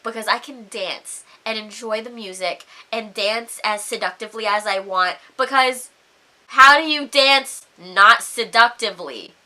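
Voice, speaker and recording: Brief: young female vlogger, high bright voice, animated profane rant. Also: measured pace. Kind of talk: storytime rant.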